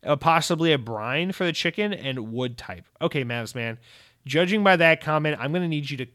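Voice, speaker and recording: A man's voice: a little high, expressive, fairly quick, fairly bright tone, dry recording, studio quality. A man hosting a casual gaming podcast, talking in a loose, jokey, profane way with frequent restarts. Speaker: podcast host.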